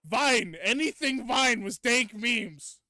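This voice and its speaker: Very high-pitched and animated, a young man speaks slowly in a pushed, bright tone while he streams a game. He chats casually and rants at his audience with mock indignation, all in play. The sound is dry and studio quality.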